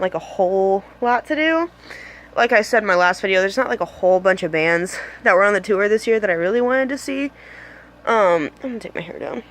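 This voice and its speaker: A woman's voice: medium pitch, a bit bright. Giggly, rambling young woman vlogger. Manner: bubbly, rambling, giggly, lots of "like" and "um". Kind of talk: casual storytelling vlog. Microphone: phone camera.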